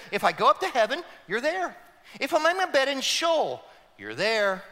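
A man delivers a sermon in a high, bright voice that climbs and dives with lively swings. His words ring out into a church sanctuary with long reverb. He keeps pulling the congregation into call-and-response. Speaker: pastor.

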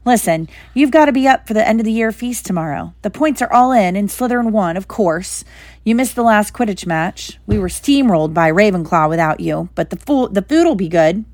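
A woman's voice: medium pitch, animated, brisk, a little mellow, no echo, close to an everyday voice. A woman voicing a chatty, casual young wizard boy in a storybook reading.

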